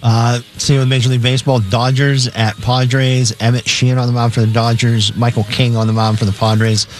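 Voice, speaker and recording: Male radio co-host, mid-pitched, plain matter-of-fact delivery, faint music bed. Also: little pitch movement, a little fast. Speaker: co-host reading betting lines. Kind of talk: casual sports radio chat.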